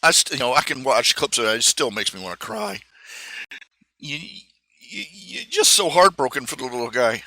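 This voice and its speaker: Bright-voiced man rambling on a stream. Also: mid-range voice, lively intonation, no echo. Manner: halting, full of fillers and restarts. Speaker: live stream host. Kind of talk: casual rambling monologue. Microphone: streaming microphone.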